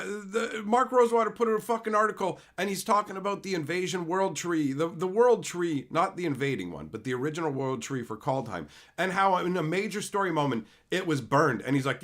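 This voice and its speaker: A young man hosting a livestream vents with profane, heated energy. His fairly high voice swoops widely, jumping from near-shouted outbursts down to low, tired mutters. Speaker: channel host. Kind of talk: livestream rant.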